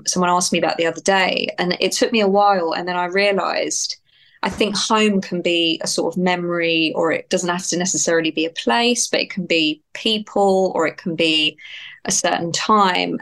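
A woman's voice: lowish voice, moderate pace, a bit bright. A woman, a guest actor and writer, talking in a candid, reflective and heartfelt way, often restarting her phrases. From United Kingdom. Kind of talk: candid interview conversation.

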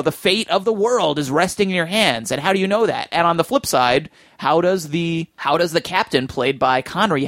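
Podcast host, male, a touch high, chatty and keen, dry close-miked sound. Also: fairly bright tone, no echo. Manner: chatty and enthusiastic, thinking aloud. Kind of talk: casual film discussion.

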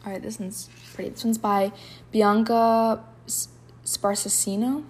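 Confessional woman, soft-spoken poetry reader. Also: medium pitch, little pitch movement, measured pace, husky. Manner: emotional, confessional, with frequent filler "like"; reads poems aloud softly, sometimes in a whisper. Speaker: podcast host. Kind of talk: candid personal storytelling and poetry reading.

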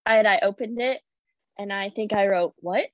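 A woman's voice: medium pitch, normal speed, dry recording. A young woman, an Olympic gymnast, chatting casually as a guest and acting out the reactions she quotes, with frequent "like" fillers. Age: young adult. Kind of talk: casual storytelling chat. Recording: dull, dry lo-fi audio.

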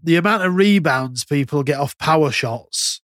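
Co-hosting a casual podcast, this man rambles and swears freely. His slightly high, fairly bright voice has lively intonation at a moderate pace, in a dry, clean studio recording.

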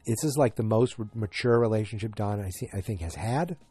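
A man casually recapping a TV episode, rambling with ums and self-corrections, now and then breaking into animated mock anger. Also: on the low side, brisk, breathy edge.

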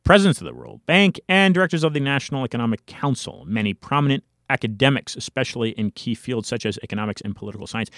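An American man hosts his own commentary show and reads passages aloud between pointed, sarcastic asides. His pitch swings widely as he presses his points and stumbles over words. The sound is dry and close, with no room around it. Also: very animated, fast, few pauses, a bit bright, dry recording. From United States. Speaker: political commentary show host. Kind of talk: solo commentary reading from an article.

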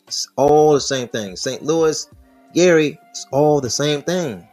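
A man's voice: fairly high pitch, slow pace, a little mellow, soft background music. A man hosting a podcast, talking through the news in casual, slangy, profane commentary. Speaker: podcast host.

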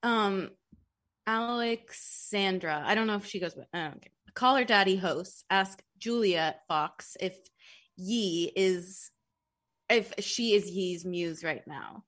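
A woman co-hosting a podcast in casual chat, teasing and chiming in quickly while laughing along. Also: mid-range voice, a bit bright. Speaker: podcast co-host.

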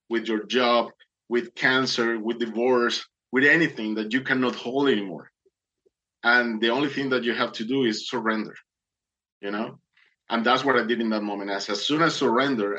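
A man's voice: mid-range voice, bright, forceful tone, highs cut off. A man earnestly telling a dramatic personal testimony, acting out the people in it. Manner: earnest, dramatic, acts out voices.

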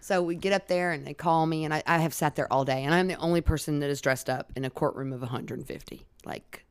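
A middle-aged woman, a podcast guest, telling her story in a casual, animated way, laughing often and swearing. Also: low voice, quick pace, smooth, no echo.

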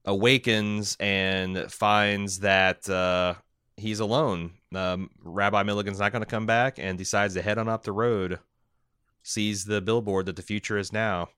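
Male podcast co-host, smooth, crisp voice, casual and halting delivery. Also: lowish voice, fairly even intonation, bright, forceful tone, no echo, studio quality. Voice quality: halting, many fillers and restarts. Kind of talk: casual podcast chat, reading listener mail.

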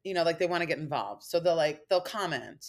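A woman's voice: low voice, animated, fast, a crowd in the background. A woman from Long Island, New York, co-hosting a podcast and chatting casually, telling stories and acting out the voices of people she quotes. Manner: chatty storyteller who acts out quoted voices. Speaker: podcast co-host and comedian.

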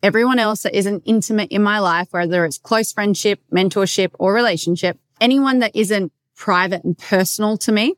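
An Australian woman hosting a casual solo podcast, loud and animated, swearing freely as she tells stories and coaches. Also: medium pitch, normal speed, few pauses, no room sound, studio quality.

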